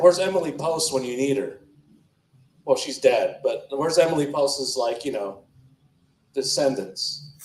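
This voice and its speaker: A man's voice: mid-range voice, darkish tone. Rambling crude stand-up man, echoey club. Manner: rambling, crude, self-interrupting. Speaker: stand-up comedian. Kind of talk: open mic stand-up set. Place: comedy club stage.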